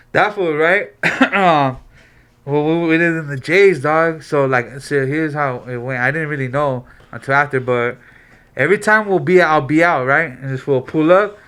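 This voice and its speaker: Dude on a podcast, bright voice, swears a lot, acts out the quotes. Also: male voice, medium pitch, normal speed, smooth. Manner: animated storyteller, acts out voices in quotes, heavy slang and swearing. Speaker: podcast co-host. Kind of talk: casual storytelling chat.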